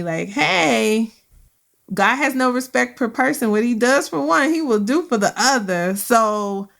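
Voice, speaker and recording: A woman's voice: medium pitch, creaky, fairly bright tone. A woman hosting a career podcast, talking in an emphatic, colloquial way with repeated phrases for emphasis. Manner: emphatic, colloquial, preacher-like repetition. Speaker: podcast host. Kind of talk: casual podcast chat.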